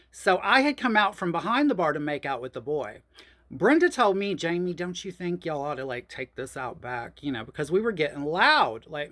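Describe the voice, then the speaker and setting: A woman, telling a personal story in a chatty, profane, animated way. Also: on the low side. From New Orleans, USA. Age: 50s. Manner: animated, profane, chatty, addresses listeners as y'all. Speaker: host.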